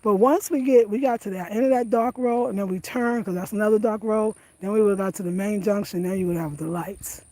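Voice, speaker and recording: A woman's voice: medium pitch, fairly quick, few pauses, mellow, no room sound. Chatty woman vlogging at home. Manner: chatty, laughs often, Southern US slang. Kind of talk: casual chat to camera. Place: outdoors at night on a country road, then indoors at home.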